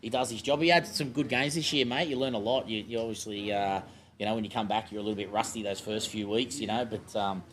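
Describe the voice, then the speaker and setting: A man's voice: fairly low pitch, fairly even intonation, quick pace, crowd noise. An Australian man hosting a casual club show and coaching a junior footy team, laid-back and matey as he jokes with kids.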